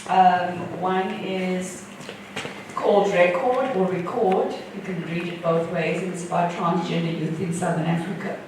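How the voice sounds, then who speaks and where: A woman poet and filmmaker reading her poems slowly and rhythmically, then answering audience questions. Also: lowish voice, steady tone. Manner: slow, measured, rhythmic delivery. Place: event hall. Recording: echoey hall from far off, faint noise.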